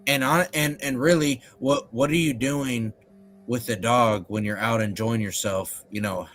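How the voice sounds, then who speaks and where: A man's voice: mid-range voice, fairly even intonation, unhurried, fairly bright tone, a little hiss or hum. Laid-back co-host man, casual. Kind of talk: casual livestream chat.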